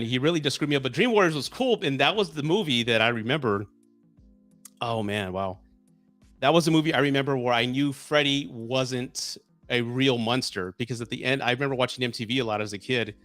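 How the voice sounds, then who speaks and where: Forties guy rambling on his live stream, excitable, gets teary easy, dry sound, bit of music behind. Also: medium pitch, dry recording. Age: 40s. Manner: excitable and chatty, quickly moved by viewer gifts. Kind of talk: casual live-stream chat.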